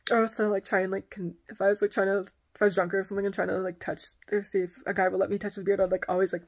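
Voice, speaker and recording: A woman's voice: medium pitch, level tone, racing. Woman vlogger, casual rambling storyteller, filler-heavy delivery.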